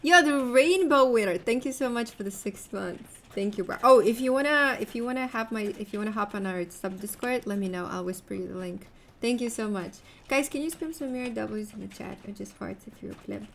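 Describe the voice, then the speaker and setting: A young woman with a fairly high voice talks while she plays a game on a live stream. She chats rambling and giggly with her viewers and a teammate. Faint noise sits under her voice. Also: brisk, gravelly. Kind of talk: casual live-stream chat while gaming.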